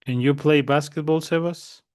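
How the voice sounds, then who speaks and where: A man's voice: a little high, fairly even intonation, normal speed, a little mellow, no room sound, studio quality. A man teaching a language class online. He repeats each point patiently and keeps checking that his students understand.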